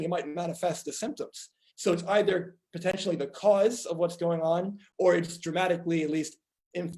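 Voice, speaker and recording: Doctor guy presenting at a conference, kinda high voice, earnest, tells patient stories. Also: darkish tone, rough recording. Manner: earnest storytelling, acts out patient dialogue.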